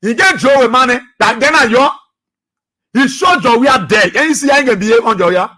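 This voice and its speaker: A man with a Liberian English accent giving impassioned political commentary as a radio talk show host, repeating his points and sometimes shouting. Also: very high-pitched, animated, brisk. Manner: impassioned, preachy, repeats phrases, shouts at times.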